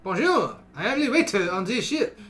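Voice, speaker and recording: A courteous waiter on a ship, as a man puts him on, speaking in a mock French accent with formal, eager politeness. The voice sits a little high and sounds bright. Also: big pitch swings, moderate pace, faint music behind.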